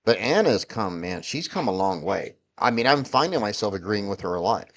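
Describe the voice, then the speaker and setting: A man's voice: lowish voice, sing-song, normal speed, fairly bright tone. A middle-aged man vlogging a heated, profane political rant, rambling and restarting his sentences often. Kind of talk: ranting political commentary.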